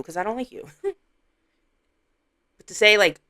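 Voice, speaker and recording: A woman reaction streamer giving casual commentary, teasing and laughing with loud exclamations. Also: medium pitch, animated, measured pace.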